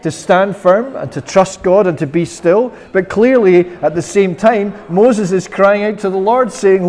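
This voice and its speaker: A man's voice: high-pitched, unhurried, few pauses, darkish tone. A Scottish man preaching a sermon as minister, earnest, sometimes voicing prayers with sudden passion. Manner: earnest, quoting prayers in an impassioned voice. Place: church. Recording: long church reverb.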